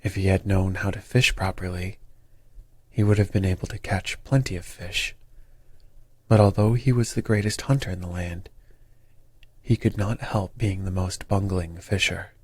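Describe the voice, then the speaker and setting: A man narrating a bedtime story in a slow, soothing storytelling manner. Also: low-pitched, fairly even intonation, breathy edge, no echo.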